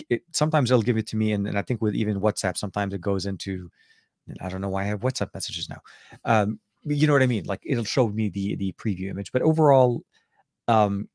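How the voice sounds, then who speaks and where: Man, rambling tech podcast host, low voice, dry close mic. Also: dry recording. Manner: rambling, self-correcting, excited asides. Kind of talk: casual tech podcast chat.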